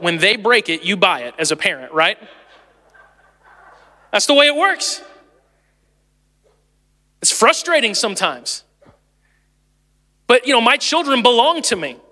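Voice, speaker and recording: A man in his late thirties, the lead pastor, preaching a sermon in a chatty, animated way and laughing easily. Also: extremely high pitch, long reverb tail. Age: 30s.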